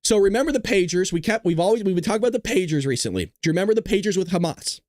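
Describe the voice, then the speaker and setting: A man's voice: high voice, lively intonation, racing, darkish tone, dry recording, studio quality. A man hosting a casual live political commentary stream, talking sarcastically, laughing often and teasing his chat. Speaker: host of a political commentary livestream.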